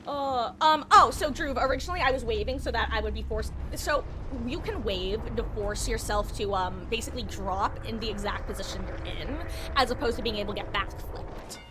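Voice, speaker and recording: A woman's voice: on the high side, fairly quick, noisy background. A woman streaming a game live, chatting casually to viewers in a rambling way, laughing often and correcting herself. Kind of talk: casual live-stream chat while gaming.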